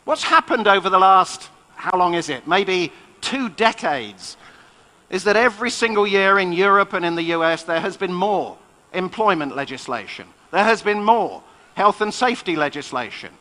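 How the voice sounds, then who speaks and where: A man giving a business talk, telling anecdotes in a brisk manner. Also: high-pitched, expressive, sharp tone. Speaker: business speaker.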